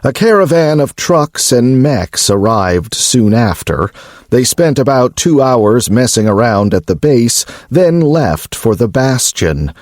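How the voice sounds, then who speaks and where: A man narrating an audiobook in a measured storytelling manner. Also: medium pitch, big pitch swings, a little mellow, no echo, studio quality.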